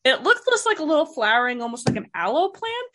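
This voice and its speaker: A woman's voice: high-pitched, very animated, fast talker, bright, forceful tone. Chatty rambling woman podcast host. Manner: rambling, laughs often. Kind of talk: casual chat.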